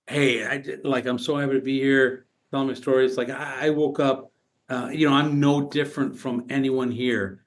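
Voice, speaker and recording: A man voicing a sincere, humble man leading a recovery meeting, in a gently excited, earnest way. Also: mid-range voice, normal speed, lightly acted.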